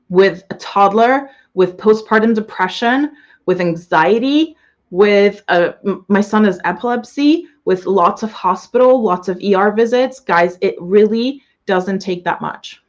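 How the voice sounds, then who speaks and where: A young woman business coach closing a live webinar, gushing and excitable, swearing freely as she greets viewers. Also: mid-range voice, a little slow, lo-fi sound.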